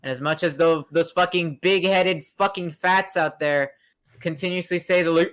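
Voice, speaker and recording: Young guy podcast host, kinda high voice, rambles and swears a lot, lots of uhs and likes. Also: moderate pace, a bit bright, clear, resonant tone. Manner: rambling, profane, many fillers and restarts. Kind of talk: casual chat.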